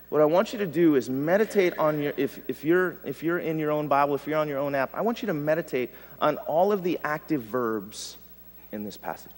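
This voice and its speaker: A male pastor preaching a sermon, swinging from loud emphasis to hushed tones. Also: on the high side, a little fast. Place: church sanctuary. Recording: long reverb of a church hall.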